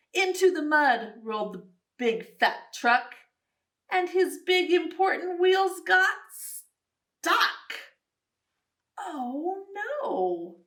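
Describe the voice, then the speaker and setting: Slow, sing-song woman reading aloud. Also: sits high, recorded from a distance. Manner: animated, sing-song, with animal sounds. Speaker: children's storyteller. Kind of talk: picture book read-aloud.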